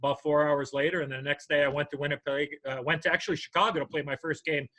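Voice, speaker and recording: An older man co-hosting a sports podcast, telling a long anecdote in an animated way and acting out the voices in it. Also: on the high side, quick pace, rough recording. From United States. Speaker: podcast co-host. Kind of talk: storytelling in casual chat.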